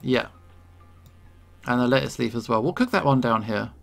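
A man giving casual gameplay commentary, relaxed and thinking aloud as he plays. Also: medium pitch, moderate pace, gravelly, soft background music. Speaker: gaming video creator.

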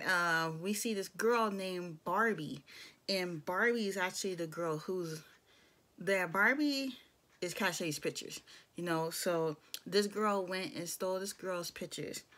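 A woman's voice: medium pitch, sharp tone. A young adult woman giving a casual, opinionated recap of a reality show, with blunt asides. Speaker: show reviewer.

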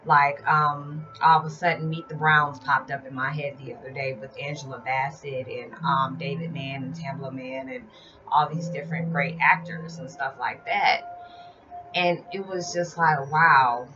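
Low-voiced woman vlogging heartfelt. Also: steady tone, normal speed. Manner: rambling, heartfelt, confiding. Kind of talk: casual spiritual vlog talk. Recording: slightly dull lo-fi sound with music behind. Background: music.

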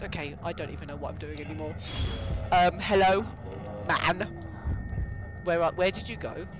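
A man's voice: high-pitched, background noise. A young man giving rambling, jokey commentary while playing a game and talking back to its ghosts. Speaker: let's play gamer. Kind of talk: casual gameplay commentary.

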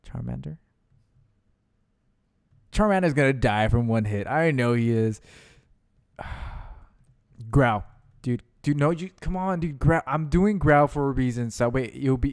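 A young man hosting a gaming channel, giving let's-play commentary with excitable yells, laughter and constant "dude"s. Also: medium pitch, a little slow, long pauses, clean tone, no room sound, studio quality.

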